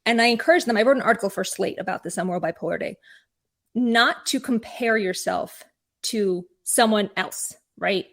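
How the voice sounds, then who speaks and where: A woman therapist speaking as an interview guest, explaining advice clearly and repeating key phrases. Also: mid-range voice, normal speed, a bit bright. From California.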